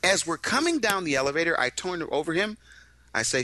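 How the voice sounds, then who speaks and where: In Shanghai, China, a male co-host with a slightly high voice chats casually at a fairly quick clip, with no echo. Animated, he tells a story full of restarts and acts out other people's voices in quotes.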